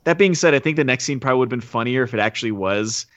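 A man's voice: mid-range voice, expressive, very fast, a bit bright, dry recording, lo-fi sound. A man co-hosting a podcast, recapping a film in a rambling, casual way. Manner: rambling storyteller, acts out quotes. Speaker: podcast co-host.

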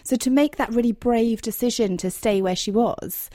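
A woman's voice: fairly high pitch, moderate pace, mellow, dry recording, studio quality. A woman hosting a podcast interview, chatty and effusive, often restarting her questions. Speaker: podcast host. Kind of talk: casual interview chat.

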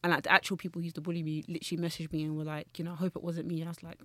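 Young woman, podcast guest, rambling storyteller, bright and quick. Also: low-pitched, little pitch movement, no room sound. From Nigeria. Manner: rambling, self-correcting, laughs while telling stories. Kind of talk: casual chat.

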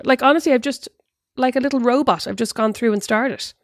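A woman's voice: fairly high pitch, fast talker, dry recording, clean studio sound. A woman co-hosting a podcast with her sister, talking in a chatty, teasing way and laughing easily. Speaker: podcast co-host. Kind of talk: casual chat.

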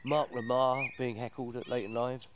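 A man telling an animated anecdote, acting out quotes and laughing as he goes. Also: medium pitch, moderate pace, noisy background. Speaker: performer. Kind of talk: anecdote in casual chat.

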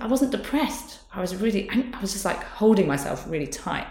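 A woman's voice: medium pitch, expressive, fairly quick, hardly any pauses. A woman in her thirties, chatting candidly and casually, often laughing. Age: 30s. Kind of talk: casual chat. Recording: roomy echo.

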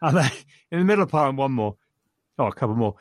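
A man's voice: medium pitch, lively intonation, fast, no room sound, studio quality. Chatty man reviewing a film. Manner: enthusiastic, chuckling retelling of scenes. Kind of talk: casual film discussion.

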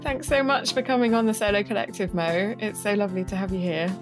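A woman's voice: medium pitch, fairly even intonation, fast talker, music in the background. A woman hosting a podcast, asking long, thoughtful questions with a hesitant manner and frequent "um"s. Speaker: podcast host. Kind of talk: interviewing a guest.

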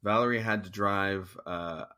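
A man telling a personal story in an interview, halting and restarting as he acts out his own thoughts. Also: on the low side, fairly even intonation, pushed and bright. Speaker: guest musician. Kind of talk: conversational storytelling.

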